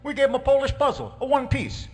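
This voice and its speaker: A man's voice, pushed up to a very high pitch with a darkish tone, talks fast over slight background noise. He plays a joking middle-aged Italian priest in a stand-up sketch, jovially telling jokes in a fake accent and broken English.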